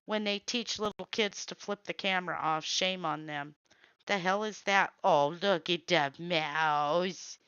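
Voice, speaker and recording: Slow-talking lady with a bright clear voice, blunt reactions, nope nope nope, kinda muffled recording. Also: on the low side, no echo. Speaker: host. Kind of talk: casual running commentary while scrolling videos.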